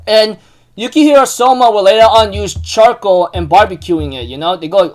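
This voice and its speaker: A man with a high voice talks through an anime episode recap. He rambles, retells scenes loosely and leans on fillers, and he gets animated when something amuses him. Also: moderate pace. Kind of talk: casual recap commentary.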